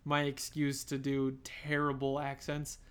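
Woman co-host with a low, deep voice; chatty, playful film-talk podcaster who laughs a lot. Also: completely flat delivery, unhurried, clear, resonant tone. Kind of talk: casual movie-review chat.

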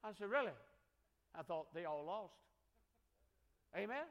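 A man's voice: high-pitched, expressive, measured pace, fairly bright tone. An older man with a Southern accent preaching a sermon, telling stories and calling for amens from the congregation. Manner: storytelling preacher with call-and-response amens. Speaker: pastor.

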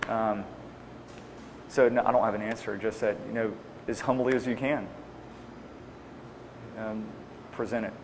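This man's voice is fairly low and steady, and he speaks a little slowly with frequent pauses. He answers audience questions on evangelism earnestly and plainly, first restating what was asked. It's a Q&A in a hall with long reverb and a faint hiss.

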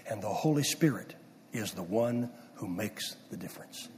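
A middle-aged man preaching a sermon, swinging from loud emphasis down to hushed near-whispers. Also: on the low side, lively intonation, moderate pace, slight background noise. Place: church sanctuary. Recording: distant mic with long hall reverb.

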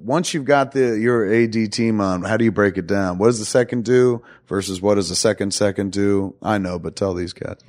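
A man hosting a casual podcast interview, telling stories in an animated way and swearing casually. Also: lowish voice, moderate pace, hardly any pauses. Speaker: podcast host, director.

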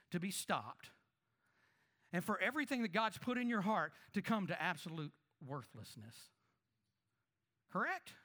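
A man preaching as a pastor, talking conversationally and asking the congregation rhetorical questions, his voice swinging between emphatic lines and quiet asides. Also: high voice. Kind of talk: sermon.

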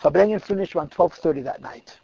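A man telling a story to a group of girls, vivid and dramatic, dropping to a hush at tense moments, in a dull, dry recording. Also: sits high, fast, creaky, breathy edge, no room sound. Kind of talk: animated storytelling talk.

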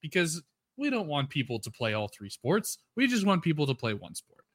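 A man's voice: fairly high pitch, huge pitch swings, normal speed, dry recording, clean studio sound. A man co-hosting a casual podcast, talking in a sarcastic, fed-up way. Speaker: podcast co-host.

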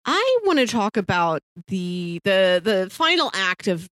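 A woman's voice: mid-range voice, big pitch swings, unhurried, fairly bright tone, no echo. A woman co-hosting a casual book-club podcast, retelling a story with enthusiasm. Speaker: podcast co-host.

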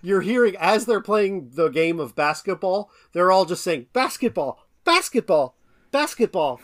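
A man's voice: sits high, normal speed. A man co-hosting a podcast who jumps in to act out quoted lines from a film. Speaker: podcast co-host. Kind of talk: casual film review chat.

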